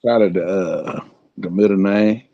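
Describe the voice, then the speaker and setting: A man's voice: sits low, unhurried, no room sound. A man chatting on a podcast as co-host, laid-back and slangy, with a blunt way of talking. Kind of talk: casual chat. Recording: dull lo-fi sound, off-mic.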